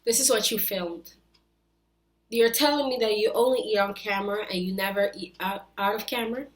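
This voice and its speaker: A woman in her twenties with a mid-range voice hosts a reaction video, ranting briskly in a scolding, exasperated tone.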